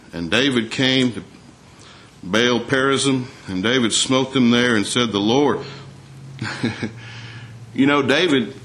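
A man's voice: lowish voice, fairly bright tone. Folksy preacher man. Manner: folksy, asks the congregation questions, reads scripture aloud. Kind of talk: sermon.

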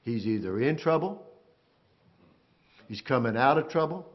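A man preaching a sermon, swinging from loud, drawn-out cries down to hushed, quiet lines as he speaks to his congregation. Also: mid-range voice, lively intonation, lo-fi sound. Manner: swings from shouting to near-whisper, calls out to the congregation.

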